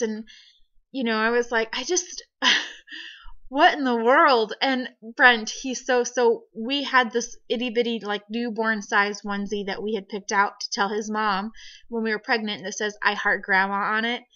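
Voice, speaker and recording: A young woman telling a personal story in a casual vlog, animated and laughing often. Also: fairly high pitch, moderate pace. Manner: giggly, animated, frequent laughs. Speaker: vlogger. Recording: dull lo-fi home video audio.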